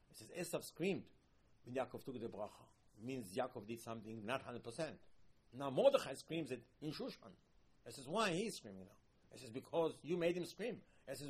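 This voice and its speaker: A man giving a sermon, telling stories in an animated way, repeating phrases for emphasis and raising his voice in loud bursts. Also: mid-range voice, slightly rough. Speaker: rabbi teaching.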